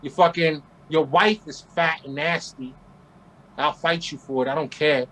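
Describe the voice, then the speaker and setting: A man's voice: on the high side, fairly even intonation, measured pace, fairly bright tone, low-quality recording. A man in his forties from Queens, New York, a guest telling brash, profane stories in a casual interview.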